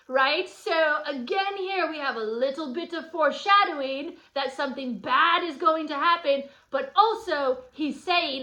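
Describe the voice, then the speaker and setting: A woman with a high, bright voice gives a guided study lesson. She explains the scene in a chatty, playful way and keeps turning to her students with asides. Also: measured pace, few pauses, highs cut off. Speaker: teacher.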